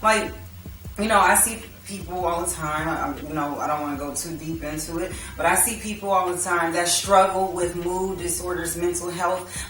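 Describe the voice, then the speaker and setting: A woman's voice: on the low side, a bit bright, a little hiss or hum. A woman hosting a podcast, talking casually and arguing her point, laughing easily. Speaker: podcast host. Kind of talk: casual debate. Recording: echoey room, mic at a distance.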